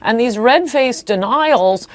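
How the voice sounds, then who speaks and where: A woman's voice: fairly high pitch, lively intonation, slow, dry recording. A woman speaking as a conservative commentator guest in a television interview, scornful and dismissive.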